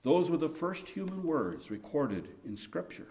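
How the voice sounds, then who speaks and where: A man's voice: on the high side, very animated, measured pace, mellow. A man preaching a sermon earnestly, building to impassioned emphasis at key points. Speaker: pastor.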